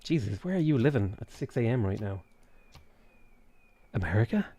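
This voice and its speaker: A man's voice: on the low side, sing-song, normal speed, dark tone, husky, no room sound. An Irish man streaming a strategy game, chatting in a rambling, foul-mouthed way and reading out chat. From Ireland. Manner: rambling, swears freely, reads chat aloud. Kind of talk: casual chat while playing a strategy game.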